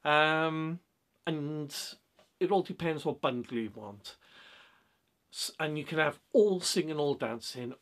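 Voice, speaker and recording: A man's voice: on the high side, a bit bright. A man giving blunt, rambling money advice in a casual vlog monologue, full of fillers and restarts. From Britain. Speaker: vlogger.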